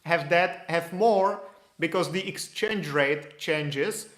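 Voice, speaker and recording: A man's voice: fairly high pitch, takes it slowly, a bit bright, roomy sound. A man answering viewer questions in a casual, loose explanatory way, with restarts. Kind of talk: casual Q&A livestream.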